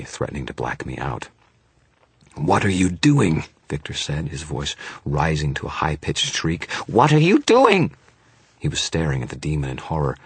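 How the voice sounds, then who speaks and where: A man's voice: rumbling low, breathy edge, no echo. A man narrating a fantasy audiobook in the first person, in a grim, dramatic and intense manner.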